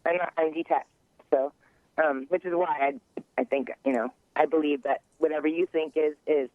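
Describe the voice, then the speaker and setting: A woman calling in to a radio show, speaking in a scattered, halting way with many restarts. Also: low-pitched, fairly even intonation, no echo. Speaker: caller. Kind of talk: call-in radio conversation. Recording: tinny dry phone line.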